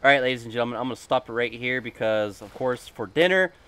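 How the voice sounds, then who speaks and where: A man's voice: medium pitch, fast talker, pushed and bright, smooth. A man streaming a video game, chatting casually in a goofy, rambling, jokey way. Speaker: gaming streamer.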